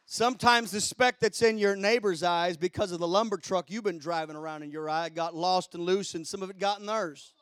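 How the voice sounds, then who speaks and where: A man preaching a sermon. He swings from hushed asides to shouted preaching and keeps crying out hallelujah and glory. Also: high-pitched, brisk, hardly any pauses, smooth, dry recording. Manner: exclaims hallelujah and glory often.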